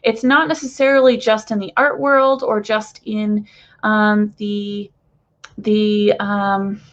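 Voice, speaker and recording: A woman's voice: mid-range voice, takes it slowly, highs cut off. A woman channeler talking to viewers in a casual, gushing way with lots of fillers, recorded in her bedroom. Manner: excitable, gushing, many fillers. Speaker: spiritual channeler.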